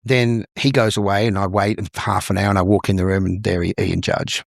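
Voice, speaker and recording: A man's voice: low-pitched, a little fast, creaky, dry recording, clean studio sound. A middle-aged Australian man, a musical theatre performer, telling stories from his career in an interview and acting out the voices of the people he quotes. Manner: lively storyteller who acts out the people he quotes. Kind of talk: interview storytelling.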